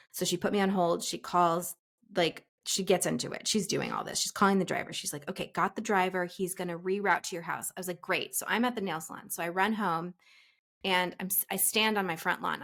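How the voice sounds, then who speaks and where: A woman in her forties, a casting director on a podcast, telling a story with lively energy and acting out the voices of the people in it. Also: medium pitch, fast. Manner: breathless storyteller, acts out quoted voices, frequent laughs. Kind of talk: animated anecdote telling.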